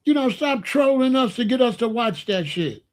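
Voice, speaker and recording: A man's voice: very high-pitched, lively intonation, moderate pace. A man, hosting a heated, blunt commentary rant full of slang. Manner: angry, blunt, slangy, repetitive. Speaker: commentary channel host.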